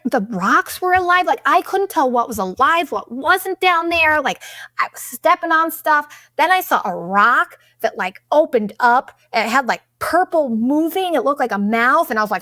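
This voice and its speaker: A young woman hosting a podcast, telling a travel story in a casual, animated, profane way. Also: high-pitched, brisk, dry recording, studio quality. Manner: profane, animated, exaggerated retelling. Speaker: podcast host.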